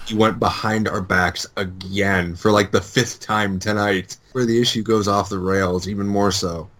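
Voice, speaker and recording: Low-voiced dude, casual podcast chat, eager and rambly. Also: male voice, steady tone, normal speed, a bit bright. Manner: enthusiastic fan talk, lots of fillers. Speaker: podcast co-host.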